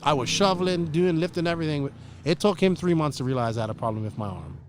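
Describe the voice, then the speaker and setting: A man's voice: fairly high pitch, animated, fast talker, slight background noise. A man co-hosting a casual podcast, talkative and joking, often repeating himself. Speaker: podcast co-host. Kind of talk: casual chat.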